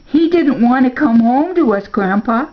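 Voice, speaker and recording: A woman's voice: high voice, animated, moderate pace, dull audio, pitched above the performer's own voice. A woman voicing an earnest, wondering young boy in a storybook reading. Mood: pleading.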